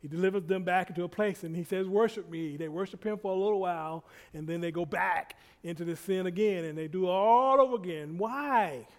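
A man preaches a sermon in a high, ringing voice. He repeats key phrases again and again. His loudness swells and drops as he drives each point home. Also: fairly quick, hardly any pauses. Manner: repetitive, rising and falling in loudness.

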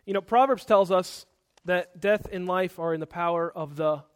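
A man preaches a sermon. He is animated and acts out angry outbursts, and he corrects himself mid-sentence as he goes. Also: high voice, normal speed.

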